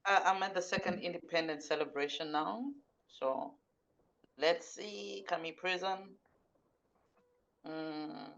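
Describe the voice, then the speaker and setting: A woman hosting an online interview, her voice sitting a little low. She is playful and laughs easily. The sound is dull and lo-fi, as from a video call. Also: fairly even intonation, slow pace, gravelly, pauses often, a bit bright. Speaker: host.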